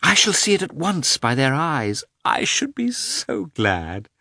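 Eager young noblewoman, gushing and high, played by a male reader. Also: wildly swooping pitch, a little slow, vocal fry, pushed and bright, full character voice. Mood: excited.

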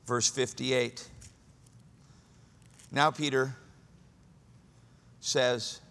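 A man preaching a sermon as pastor, dramatic, swinging from hushed to loud. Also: mid-range voice, little pitch movement, extremely slow, big-room sound.

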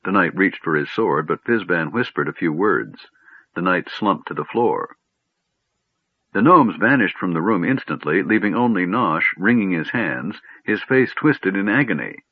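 Deep-voiced male storybook narrator. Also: lively intonation, slightly rough, no room sound. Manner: measured storytelling. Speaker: audiobook narrator. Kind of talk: scripted narration. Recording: dry, tinny phone-like audio.

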